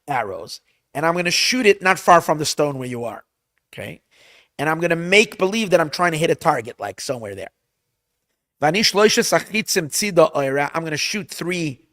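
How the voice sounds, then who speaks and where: A man, a rabbi teaching a class, retelling a Bible story with Hebrew translations in an animated way, often restarting his phrases. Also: on the high side, no room sound, studio quality. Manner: animated storyteller, acts out lines loudly; restarts and repeats words often.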